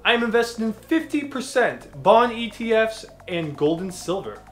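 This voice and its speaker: A man's voice: very animated, moderate pace, a bit bright, echoey room. A man voicing a nervous, overly cautious investor with an odd put-on accent. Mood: anxious. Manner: fretful, high-strung. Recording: faint background music.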